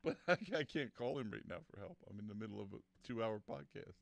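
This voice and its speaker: Gravelly-voiced podcast host from the US, laughing at himself. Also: male voice, fast talker. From United States. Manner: laughing, self-mocking, fiddling with voice effects. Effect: pitch-shifting voice effect. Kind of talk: casual chat.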